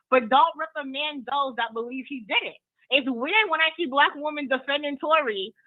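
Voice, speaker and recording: A high-pitched woman rambles through her opinions on a call-in show. She talks in a chatty, easygoing way and laughs easily. Her voice comes through a thin, tinny phone line. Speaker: caller. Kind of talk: call-in commentary.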